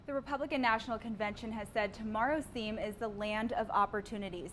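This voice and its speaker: A woman field reporter giving a measured live news report from outdoors. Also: mid-range voice, a bit bright, slight background noise.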